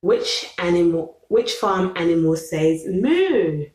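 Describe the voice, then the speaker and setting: Woman, very slow, low voice, reading a picture book to a child, echoey room. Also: lively intonation, a little mellow. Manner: patient, asks the child questions and counts aloud.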